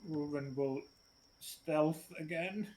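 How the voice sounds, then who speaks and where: A man's voice: fairly high pitch, slow pace, a little mellow, slight background noise. A man playing a tabletop role-playing game, describing his character's moves while thinking aloud with hesitations. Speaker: player.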